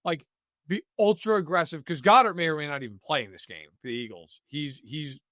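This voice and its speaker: A man's voice: on the high side, a little fast, bright, forceful tone, no echo, clean studio sound. A man giving blunt, opinionated football analysis in a casual podcast chat. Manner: emphatic, opinionated, many "like" fillers.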